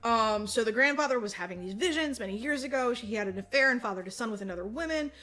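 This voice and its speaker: A woman's voice: a little high, quick pace. Chatty woman retelling a movie plot. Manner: animated retelling, frequent fillers, acts out quotes. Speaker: podcast co-host. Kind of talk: casual chat.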